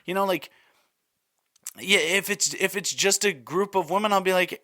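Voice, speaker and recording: A man's voice: high voice, moderate pace, long pauses, sharp tone, no echo, clean studio sound. Worked-up man ranting on a podcast. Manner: worked up, rambling and exasperated. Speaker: podcast host. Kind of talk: solo podcast rant.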